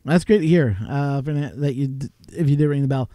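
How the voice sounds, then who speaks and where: A man's voice: mid-range voice, brisk, mellow, no echo, studio quality. A man chatting casually on a live stream from home, rambling and chuckling through his stories with lots of fillers. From Canada.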